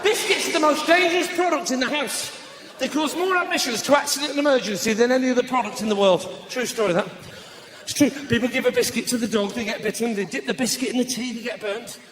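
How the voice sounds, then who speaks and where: A man doing live stand-up comedy, cheeky and brisk, bursting into shouted punchlines. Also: very high-pitched, slight background noise. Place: live comedy stage before an audience.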